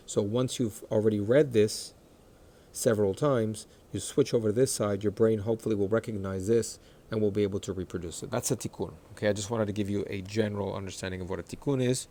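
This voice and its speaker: Patient man teaching reading, low voice. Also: fairly even intonation, dark tone. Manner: patient, repeats words slowly for practice. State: clears throat often after recent illness. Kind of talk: explanatory lesson, screen-sharing.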